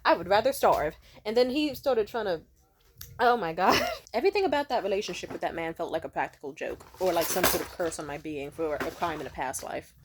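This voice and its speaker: A woman's voice: lowish voice, brisk, a little hiss or hum. A young woman vlogging in a casual, swear-filled storytelling way, acting out the people she quotes. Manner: profane, animated, acts out quoted people.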